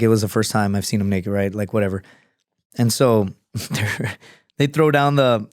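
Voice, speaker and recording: Profane, animated man telling war stories. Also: medium pitch, no room sound, clean studio sound. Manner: profane, animated, acts out quoted voices. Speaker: podcast guest. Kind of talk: casual storytelling. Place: podcast studio.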